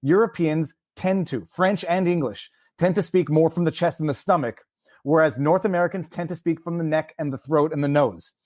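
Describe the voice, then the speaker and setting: A man's voice: a little high, normal speed, darkish tone, no room sound, studio quality. A man hosting a podcast in casual chat, speaking earnestly and opinionatedly with frequent restarts.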